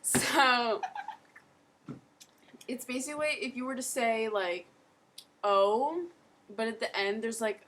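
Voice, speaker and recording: A woman's voice: a little high, a little slow, pauses often, fairly bright tone. A teenage girl explains vowel sounds in a loose, rambling way full of ums and likes. She sounds like she is filming at home, with a faint hiss of noise behind her voice. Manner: chatty, rambling with many fillers. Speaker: accent tutorial host. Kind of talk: casual home video tutorial.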